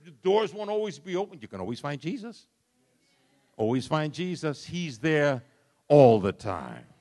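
A man's voice: a little high, big pitch swings, a little slow. Impassioned man preaching a sermon. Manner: impassioned, sweeping from soft to loud. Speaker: pastor.

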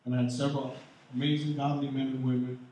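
A man preaching a sermon as pastor, animated, swinging between loud and soft. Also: medium pitch, quick pace, slight background noise. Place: large church hall. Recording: echoey hall, mic far off.

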